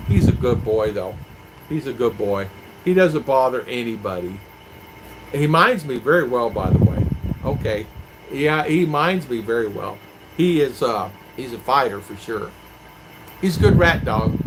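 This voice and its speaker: Chatting on a relaxed live stream from his home in the Philippines, this US-born vlogger reads out viewer comments and rambles through his replies. He speaks at a normal pace in a mid-range voice with lively intonation, while a distinct clicking sound runs behind it.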